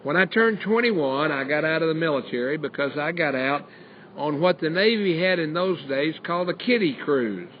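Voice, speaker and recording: A man's voice: fairly high pitch, lively intonation, moderate pace. An older man from the South, telling his personal testimony as a radio show host and preacher, acting out the voices he quotes. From American South. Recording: dull lo-fi stream with faint hiss.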